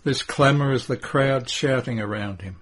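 A man narrating a devotional story in a solemn, measured way. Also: medium pitch, husky.

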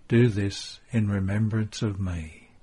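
A man reading as Jesus, grave and tender, in a devotional audiobook. The voice is low and husky, and each line is spoken slowly and deliberately. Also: fairly even intonation, warm tone. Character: solemn, tender adult male Jesus bidding farewell.

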